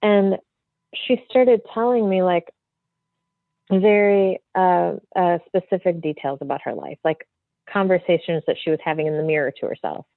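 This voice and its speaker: A woman medium, a podcast guest, telling a story in a free-flowing, animated way full of fillers. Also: on the low side, moderate pace, no room sound. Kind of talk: casual storytelling in an interview. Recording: tinny phone-like line, dry.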